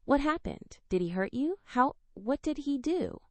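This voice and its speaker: A woman's voice: high-pitched, animated, a little slow, no room sound, pitched above the performer's own voice. A woman voicing a protective young man, urgent and pleading in his questions to his best friend.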